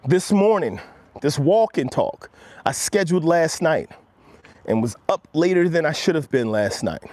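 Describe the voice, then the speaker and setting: A man's voice: lively intonation, measured pace, dry recording. A man hosting a motivational walk-and-talk live stream outdoors, coaching viewers earnestly and speaking straight to them. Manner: drops low and quiet when quoting himself.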